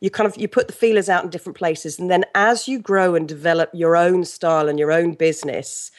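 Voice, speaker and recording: Chatty middle-aged Englishwoman, lowish voice. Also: a little fast. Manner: chatty, animated storyteller with frequent restarts and laughs. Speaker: guest. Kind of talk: casual interview chat.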